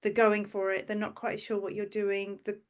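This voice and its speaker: A woman's voice: mid-range voice, monotone, clear, resonant tone. Enthusiastic woman co-hosting a podcast. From United Kingdom. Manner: enthusiastic, talks in quick restarts. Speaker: podcast co-host, dentist and coach. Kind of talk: interview chat.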